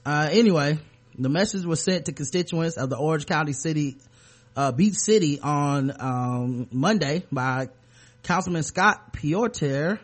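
Male podcast host, sarcastic and rambling, voice on the higher side for a man. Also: measured pace. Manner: sarcastic, joking, loose and rambling. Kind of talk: casual comedic podcast chat.

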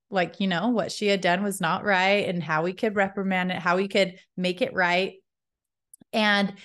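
A woman in her thirties hosting a podcast, telling a personal story in a chatty, expressive way with many likes. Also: medium pitch. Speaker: podcast host.

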